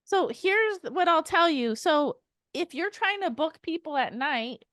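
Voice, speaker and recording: A woman coaching a sales team in an energetic, emphatic way, acting out sample call lines. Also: high voice, unhurried, no room sound. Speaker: sales trainer.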